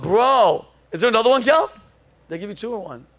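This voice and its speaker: A man's voice: sits high, animated, a little fast, a crowd in the background. A man hosting a comedy podcast, telling stories animatedly, swearing, acting out quoted voices and laughing often.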